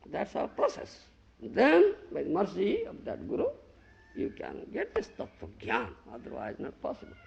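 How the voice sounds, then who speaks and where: Man, sermon, gravelly husky voice, high and very lively pitch, emphatic, muffled old tape. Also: normal speed. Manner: emphatic, swings from loud scolding to low murmur, repeats "You understand?". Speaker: guru giving a scripture lecture. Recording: dull lo-fi 1990 lecture tape.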